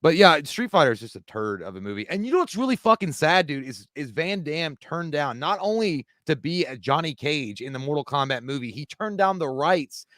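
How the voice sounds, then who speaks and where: A man's voice: fairly high pitch, very animated, fairly quick, few pauses, fairly bright tone, no echo, clean studio sound. A man co-hosting a live-streamed movie chat, rambling casually and quoting film lines. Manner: rambling, quotes movie lines in put-on voices. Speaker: podcast co-host.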